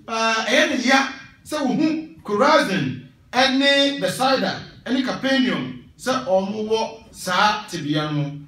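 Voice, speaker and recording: A high-voiced Ghanaian man preaches with lively emphasis, his words ringing through a very echoey church hall. He sounds set back from the microphone, the reverb wrapping every phrase. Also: slow pace, distant mic. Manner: switches between Twi and English, emphatic and animated. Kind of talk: sermon.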